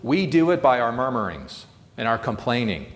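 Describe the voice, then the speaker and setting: A man's voice: medium pitch, sing-song, normal speed, in a large hall. A man delivering a sermon in an earnest, solemn way, rising to emphatic swells. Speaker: preacher. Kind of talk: sermon reading.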